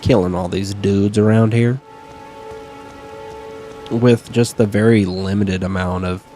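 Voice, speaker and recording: Soft background music plays as the gaming streamer speaks slowly in a lowish, mellow voice with fairly even intonation. Commentating his own game casually, he's chatty and profane, answers back to enemies, and sniffles near the desk microphone.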